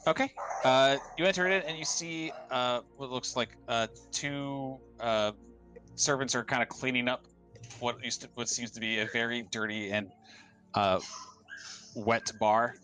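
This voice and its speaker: A man's voice: medium pitch, fairly even intonation, measured pace, pushed and bright, soft background music. Hesitant man running a tabletop game. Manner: hesitant, many fillers and restarts. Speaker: game master.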